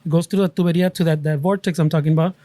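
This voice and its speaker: Fast-talking animated male storyteller. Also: on the high side, no room sound. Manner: animated storyteller who acts out quotes and laughs often. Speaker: podcast host. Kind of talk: casual storytelling chat.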